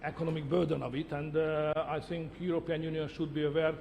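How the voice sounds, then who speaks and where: A man's voice: on the high side, little pitch movement, fast talker, creaky, darkish tone, big-room sound, a little hiss or hum. A middle-aged man whose first language is Hungarian, answering interview questions in emphatic short statements that repeat words. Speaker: interviewee, head of government.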